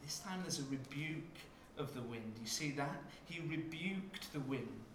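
Male preacher, measured slow delivery, somewhat high voice, roomy hall sound. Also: expressive, background noise. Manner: dramatic shifts from hushed to loud when acting out scenes. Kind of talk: sermon.

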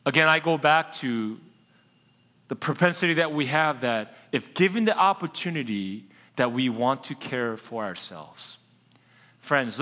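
A man with a high, bright, forceful voice preaches a sermon in a loose, chatty way. He talks straight to the congregation and throws questions at them. His voice rings with a long reverb in a church sanctuary. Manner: casual, conversational preaching that addresses the congregation directly. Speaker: pastor.

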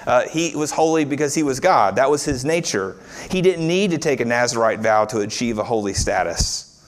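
Man, pastor, conversational sermon, rhetorical questions, mid-pitched voice. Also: animated, normal speed.

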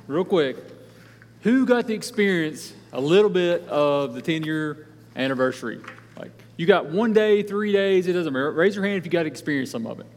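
High-voiced young man preaching in a big hall. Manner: energetic, joking, conversational. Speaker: guest speaker at church. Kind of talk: casual sermon. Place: church sanctuary.

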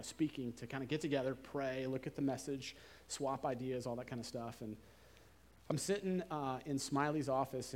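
A man preaching a sermon in a conversational way, slowing down and softening his voice to stress key words. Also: medium pitch.

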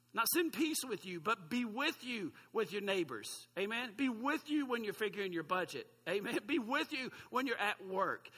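A man's voice: sits high, bright, forceful tone, long reverb tail. A man in his forties preaching a sermon as pastor, in a conversational, self-deprecating way with asides to the congregation.

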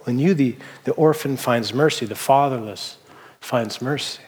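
Pastor from the Seattle area, medium-pitched man, preaching in a loose, storytelling way. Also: moderate pace, breathy edge, long reverb tail. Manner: casual, anecdotal storytelling with fillers. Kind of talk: conversational sermon.

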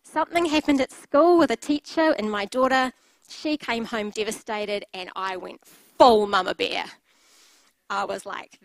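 A woman's voice: medium pitch, a little slow, gravelly, no echo, low-quality recording. A middle-aged woman preaching a sermon, telling personal stories in a candid way with light laughter.

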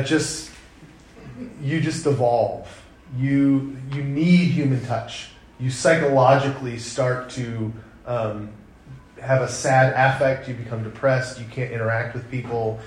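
A man in his thirties preaching a sermon, conversational and animated when telling stories. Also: mid-range voice, measured pace. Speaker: pastor. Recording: echoey room.

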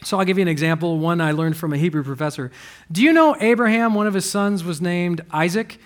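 Male pastor, high tenor voice, animated sermon delivery with big swings in volume. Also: quick pace. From United States. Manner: animated preaching, swings from quiet to loud.

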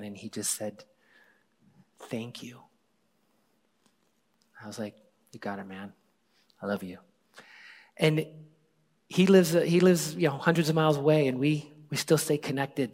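A man in his forties, a pastor, telling a personal story in a conversational sermon, often dropping to a hushed voice. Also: medium pitch. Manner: conversational, drops to hushed tones for quoted moments. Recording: long hall reverb.

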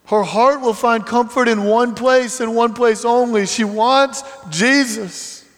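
A man preaching a sermon earnestly, dropping to hushed tones and rising to emphatic passages. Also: extremely high pitch, fairly even intonation, slow. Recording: long hall reverb.

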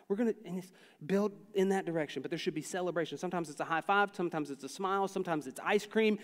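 High-voiced man preaching in a reverberant hall. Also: fast talker. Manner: animated storytelling, acts out his own shouts and soft talks. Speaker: pastor. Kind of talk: sermon.

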